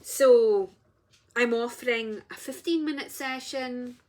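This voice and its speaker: A woman's voice: a little high, takes it slowly, a little mellow. A woman, an energy healer, talking casually and earnestly to her viewers, rambling and interrupting herself. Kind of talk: casual spiritual vlog.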